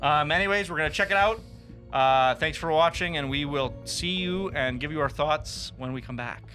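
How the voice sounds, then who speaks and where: A man's voice: fairly high pitch, moderate pace, sharp tone, soft background music. A man hosting a casual movie review podcast, chatty, laughing often and swearing freely. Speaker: podcast host.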